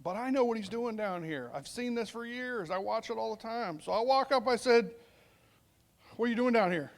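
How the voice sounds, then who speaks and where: A middle-aged man with a fairly high voice speaks to a veterans summit as a police sergeant. His talk is conversational, and he acts out snatches of dialogue as he tells his story. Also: animated, moderate pace, gravelly. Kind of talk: storytelling speech.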